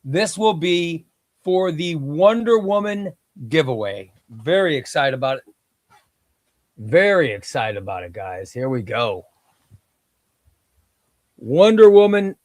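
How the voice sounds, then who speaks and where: On a casual comic book livestream, the male host chats with viewers and calls out names as they get knocked off a giveaway wheel, exclaiming at each elimination. His voice sits on the high side with big pitch swings, slow delivery, and long pauses, recorded dry.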